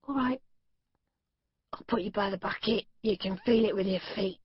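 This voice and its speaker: Whispered role-play: woman as a hoarse, croaking male kidnapper, menacing, close, dull sound. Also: medium pitch, moderate pace, no room sound, natural voice.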